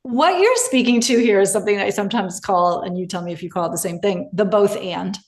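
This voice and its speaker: A woman's voice: mid-range voice, quick pace. A woman hosting a podcast interview, thoughtful and explanatory as she reframes ideas. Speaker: podcast host. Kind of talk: conversational interview.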